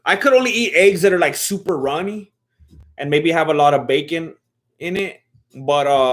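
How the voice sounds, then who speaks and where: A man's voice: fairly high pitch, normal speed. A man streaming a fight watch-along, casually chatting and answering viewer questions in a laid-back, slangy way with frequent laughter. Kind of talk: casual livestream chat.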